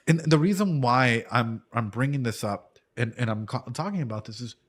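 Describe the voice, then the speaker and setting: A man in his thirties chats casually while reacting to an anime, drifting into a long, rambling story from his life as a martial arts coach. His voice sits at an ordinary middle pitch. He swears now and then and keeps checking in with "dude" and "right?". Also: expressive, moderate pace.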